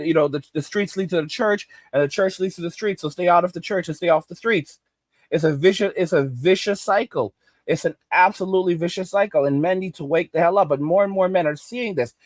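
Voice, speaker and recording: A man's voice: sits high, dry recording. Indignant man ranting, dry sound. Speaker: commentary host. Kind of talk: ranting video commentary.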